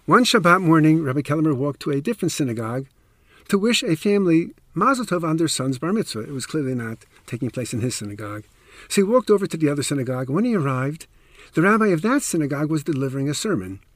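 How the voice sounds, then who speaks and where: A man's voice: fairly high pitch, expressive, fast talker, no room sound. A man narrating a true story on a podcast, emphatic with wry asides, close to the mic.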